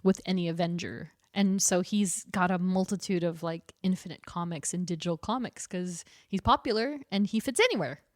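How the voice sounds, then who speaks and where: A woman co-hosting a podcast, telling stories animatedly with quick laughs. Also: on the low side, dry recording, clean studio sound. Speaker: podcast co-host. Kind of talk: casual chat.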